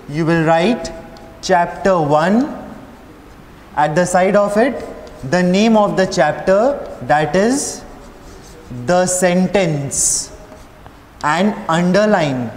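A male schoolteacher, giving a patient classroom lesson in front of a board and checking if the class understands. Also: sits high. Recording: roomy echo with long reverb, faint hiss.

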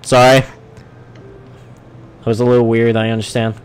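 Streaming a survival game live, a man chats to himself in a clean, mid-range voice at a slow pace. The on-screen action gets him excited, drawing swearing, yelps and laughter.

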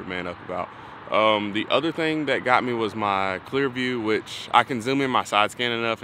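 A young man, talking casually to camera as a fishing vlogger, rambling and thinking aloud with lots of fillers. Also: fairly low pitch. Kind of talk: casual vlog talk to camera. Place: outdoors on a lake. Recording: noisy outdoor recording with passing vehicles.

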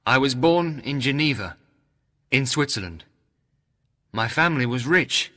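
An actor playing an exhausted, haunted young man who speaks gravely in an audio drama. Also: mid-range voice, bright, forceful tone, big-room sound. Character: Victor Frankenstein, weak haunted young man. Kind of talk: radio drama acting.

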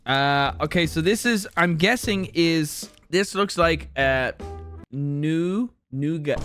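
A man's voice: fairly high pitch, takes it slowly, a bit bright. A young Irish man rambling and joking as he tastes and reviews snacks, now and then mock-defensive, over faint music. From Ireland. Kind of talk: casual snack review vlog.

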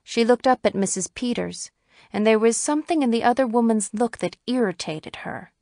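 A woman narrating a classic short story in a measured, even storytelling manner. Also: a little high, no room sound, studio quality. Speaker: audiobook narrator.

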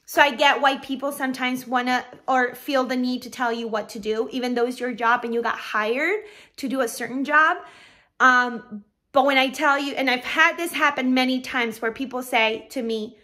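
Chatty bright-voiced woman telling a story. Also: high voice, fairly even intonation, moderate pace. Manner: chatty, talks straight to viewers. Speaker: balloon decorator and business owner. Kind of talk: casual storytime vlog.

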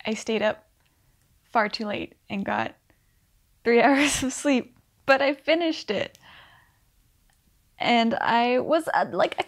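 A young woman chatting casually about a book she is reading, with lots of "like" and quick acted-out asides. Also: on the high side, lively intonation. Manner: chatty, full of "like", acts out characters in quick asides. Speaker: book vlogger. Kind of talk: casual rambling book review. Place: indoors at home.

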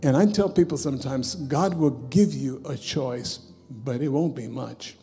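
Gravelly, mellow-voiced preacher man. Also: medium pitch, measured pace, soft background music. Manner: storytelling, swinging between loud bursts and soft, hushed asides. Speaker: bishop and preacher. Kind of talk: sermon testimony. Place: church sanctuary.

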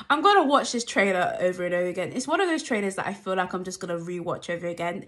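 A young woman gushing through a trailer reaction, talking animatedly and breaking into squeals and shouts. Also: high-pitched, lively intonation, fast talker, hardly any pauses. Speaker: YouTube reaction vlogger. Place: at home at night.

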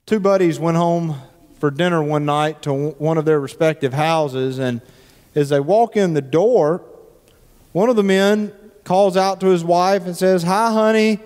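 A pastor with a fairly high, darkish voice preaches at a measured pace in a church sanctuary, and the hall sounds echoey. His sermon is conversational and joking, and he often repeats words when he restarts a thought.

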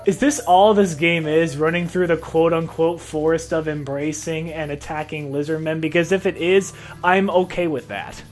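A man hosting a let's-play video, excitable and profane, often laughing and shouting at the game. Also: fairly high pitch, normal speed, faint music behind. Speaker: gaming video host.

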